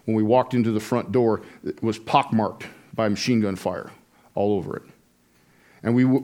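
A man's voice: fairly low pitch, a little mellow, slight background noise. A middle-aged man, a former Navy man, preaching a sermon and telling a story in a conversational way, with frequent fillers and restarts. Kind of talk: sermon testimony.

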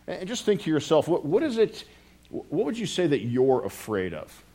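A man's voice: fairly high pitch, wildly swooping pitch, normal speed, warm tone. A middle-aged man from the United States preaching a casual sermon, rambling with many restarts and joking asides to his congregation. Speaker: pastor.

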